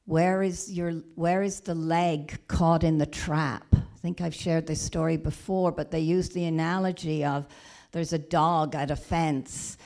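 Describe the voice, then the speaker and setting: A woman minister retelling a story in a sermon, gentle and halting, with frequent restarts. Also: sits low. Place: church or spiritual center.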